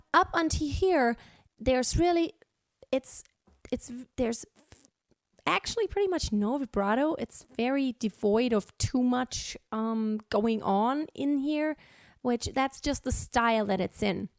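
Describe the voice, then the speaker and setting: Slow, high-voiced female singing teacher. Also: dry recording, clean studio sound, soft background music. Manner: explains slowly, breaks into short sung examples. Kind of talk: vocal lesson with sung demonstrations.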